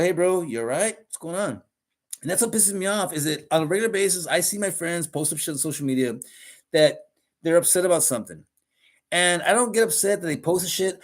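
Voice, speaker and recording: A middle-aged man hosting a podcast, ranting bluntly and profanely in a casual monologue. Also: high-pitched. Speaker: podcast host. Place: live podcast recording.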